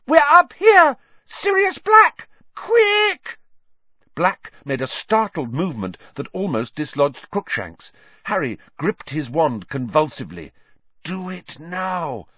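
A man reading a novel aloud as narrator in an expressive, measured way. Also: mid-range voice, no echo, lo-fi sound. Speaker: audiobook narrator. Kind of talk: scripted narration.

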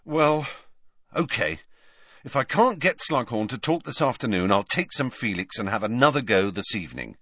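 A man voicing an earnest, quick-tempered teenage boy in an audiobook. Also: medium pitch, very animated, bright, forceful tone, no echo, studio quality, voice pushed up. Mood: distracted.

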